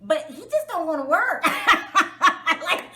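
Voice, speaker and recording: A woman vlogger talks in a high, bright voice that swoops up and down as she reviews a show. She is outspoken and exasperated, breaking into frequent laughter, and her delivery is loose, conversational and full of energy. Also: sing-song, a little slow, a little hiss or hum. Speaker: reality TV reviewer, vlog host. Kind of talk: casual spoken show review.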